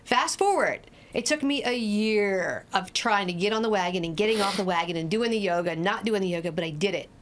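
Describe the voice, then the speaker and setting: A woman in her forties, an addiction specialist, telling her story as a podcast guest in a blunt, lively way and swearing freely. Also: medium pitch, a little fast, few pauses, a little hiss or hum. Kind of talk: candid conversational storytelling.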